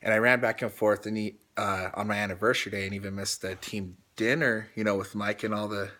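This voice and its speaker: A man with a somewhat low voice, talking casually as he recaps a call he took notes on. He rambles, retells what was said at length and restarts his sentences often. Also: steady tone, a little fast, sharp tone. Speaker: team coach recapping a call.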